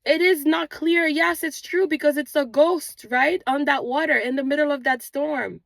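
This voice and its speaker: Gravelly-voiced woman preaching spiritual encouragement. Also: sits high, steady tone, moderate pace, no echo. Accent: non-native English accent, origin unstated. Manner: earnest, repetitive preaching cadence. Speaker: manifestation channel host. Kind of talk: spiritual motivational talk. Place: outdoors on a morning walk.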